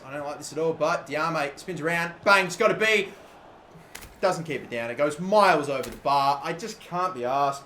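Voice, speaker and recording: A man in his twenties giving excitable live gameplay commentary, swearing freely and breaking into loud frustrated outbursts. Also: fairly high pitch, slight background noise. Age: 20s. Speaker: gaming commentator. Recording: roomy echo.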